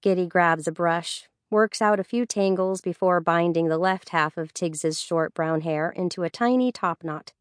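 A woman reading a novel aloud as an audiobook narrator in a steady, even storytelling voice. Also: on the low side, moderate pace, hardly any pauses, clear, resonant tone, no room sound, studio quality. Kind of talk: scripted narration.

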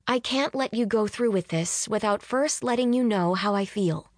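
Woman putting on a high, flustered young messenger. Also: moderate pace, no room sound, clean studio sound, natural voice. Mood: delivering. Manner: high, excited, breathless.

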